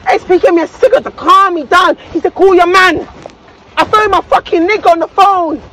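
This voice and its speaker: A woman in a heated argument in a car, angry, upset and near tears, shouting, swearing and talking over everyone. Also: extremely high pitch, brisk, slight background noise, rough recording. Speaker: guest on a reality show. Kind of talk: heated confrontation.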